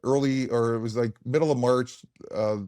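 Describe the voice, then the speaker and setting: A man's voice: medium pitch, steady tone, moderate pace, mellow, dry recording. Frank, rambling man in his forties. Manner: rambling, frank, peppered with "like" and swearing. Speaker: podcast guest, former pro hockey player. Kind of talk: casual podcast storytelling.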